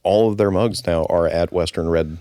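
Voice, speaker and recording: A man, a former brewery owner, talking casually as a guest in an interview, relaxed and halting with restarts. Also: deep voice, no echo, clean studio sound. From United States.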